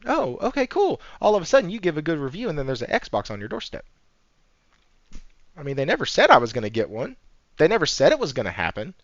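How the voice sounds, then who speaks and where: A man hosting a casual gaming news podcast, talking in an animated, profane, sarcastic way and laughing often. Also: fairly high pitch, fast, no echo. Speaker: podcast host. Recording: dry, slightly dull audio.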